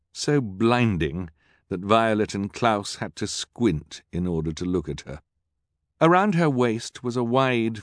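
A slightly low male voice narrates a storybook slowly and deliberately, with wry, lively inflection. His pitch rises and falls often, and the studio sound is dry, with no room echo. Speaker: audiobook narrator. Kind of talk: scripted narration. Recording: dry, close studio mic.

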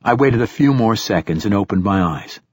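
A man narrating a first-person science-fiction audiobook in a measured, steady storytelling manner. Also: on the low side, dry recording, studio quality.

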